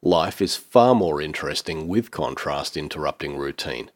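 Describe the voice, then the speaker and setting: A man with a low, deep voice hosts a podcast in a relaxed, chatty way. He reads a listener's essay aloud and drifts into his own asides, with frequent "uh" fillers. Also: normal speed. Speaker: podcast host. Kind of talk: casual podcast talk and reading a listener's essay.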